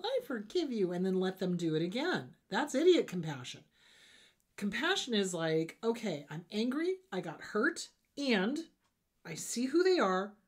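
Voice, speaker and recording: A blunt woman talks through emotional advice as a therapist host, with a lively, animated delivery. Her voice sits at an everyday middle pitch. She slips into mock voices when quoting people. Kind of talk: casual advice monologue.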